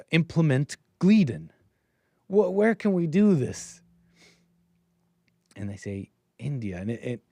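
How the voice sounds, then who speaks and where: A man hosts a call-in show alone, rambling through his commentary in stop-start bursts and trailing off into muttered asides. His voice sits at an ordinary middle pitch. The recording is dry and close, with no room sound. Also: a little mellow, no echo. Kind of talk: solo commentary monologue.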